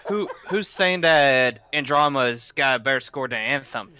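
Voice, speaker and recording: A man co-hosting a casual gaming podcast, explaining his view in a quick, playful way. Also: mid-range voice, sharp tone, slight background noise. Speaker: podcast co-host. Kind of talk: casual chat.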